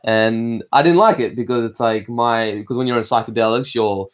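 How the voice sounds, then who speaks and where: An Australian man hosting a laid-back livestream, his voice sitting at an ordinary middle pitch. He drifts from thought to thought, swears freely and often breaks off to restart a sentence. He reads viewer comments and answers them in an easy, conversational way. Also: normal speed. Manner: rambling and swearing, with frequent restarts. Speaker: livestream host. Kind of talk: casual livestream chat.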